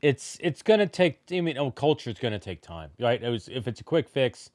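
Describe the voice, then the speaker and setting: A man's voice: medium pitch, sing-song, normal speed, darkish tone, no room sound, studio quality. A man co-hosting a church livestream in casual chat, often restarting words and making joking asides. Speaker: livestream co-host. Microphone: livestream setup.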